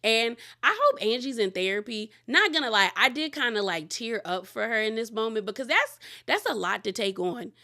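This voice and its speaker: A woman hosting a podcast, recapping a reality show episode in a casual, rambling way that is full of "like" and candid asides. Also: fairly high pitch. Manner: chatty, rambling, heavy use of "like"; candid and animated with quick asides.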